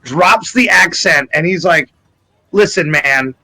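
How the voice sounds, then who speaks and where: A man playing a tabletop game, excitable and swearing, slipping in and out of character. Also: on the high side, slow pace, poor audio. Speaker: player. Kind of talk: tabletop role-play banter.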